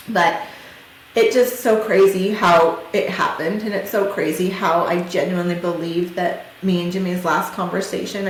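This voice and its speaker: A woman hosting a podcast, telling a painful personal story in an emotional, halting way with many fillers. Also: fairly low pitch. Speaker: podcast host. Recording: very echoey room, faint noise.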